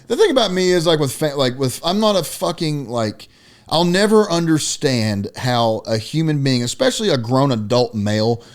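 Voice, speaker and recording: A young man co-hosting a podcast, chatting about sports in a loose, profane, animated way and telling stories. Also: a little high, normal speed. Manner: profane, animated storytelling, often says "dude". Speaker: podcast co-host. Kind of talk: casual sports chat.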